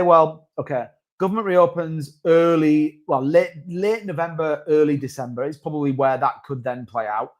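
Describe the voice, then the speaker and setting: A man hosting a crypto livestream, talking casually and rambling with restarts and asides. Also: on the high side. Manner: rambling, chatty, with many restarts and asides to chat. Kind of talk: casual live-stream market commentary.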